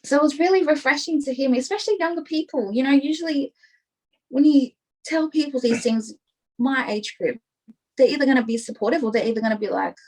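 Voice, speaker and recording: Brisk and high-pitched, this young woman is a podcast guest chatting casually in an interview. She talks openly, wanders off on tangents, and sprinkles in "like" and "you know," all on a rough recording.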